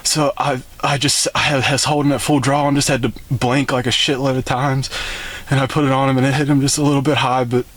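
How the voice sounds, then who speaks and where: A young man telling a story on a phone call, excited and rambling with lots of fillers. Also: medium pitch, brisk. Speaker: bowhunting vlogger.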